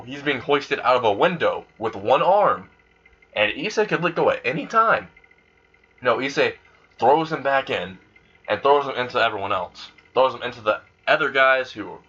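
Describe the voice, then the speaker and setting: Guy rambling thru a fan story, swears a lot, bright husky voice. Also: mid-range voice, lively intonation, normal speed. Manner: rambling and crude, full of fillers and swearing. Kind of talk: casual improvised storytelling. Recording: dull lo-fi recording.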